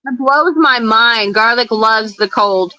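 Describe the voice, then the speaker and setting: Bright-voiced woman reading out chat comments. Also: fairly high pitch, takes it slowly, no echo, low-quality recording. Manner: chatty, reassuring, relays viewer comments. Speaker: livestream co-host reading comments. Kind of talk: casual livestream chat.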